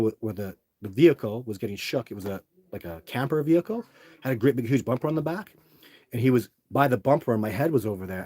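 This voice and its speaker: Through a dry recording comes a middle-aged man with a lowish, dark voice, hosting a livestream and telling long, rambling stories to his chat with many restarts and fillers.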